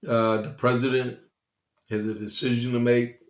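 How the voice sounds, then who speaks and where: A man's voice: mid-range voice, little pitch movement, normal speed. A man hosting a casual political news livestream, talking loosely to his viewers with many fillers. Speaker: host. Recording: echoey room.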